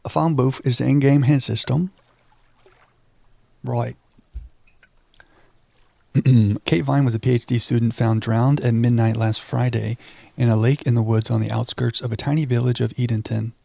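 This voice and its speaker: Gravelly low-key male streamer. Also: fairly even intonation, moderate pace, pauses often, warm tone, no room sound. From Texas. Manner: reads on-screen text aloud, then chats with viewers. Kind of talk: casual let's-play commentary reading game text aloud.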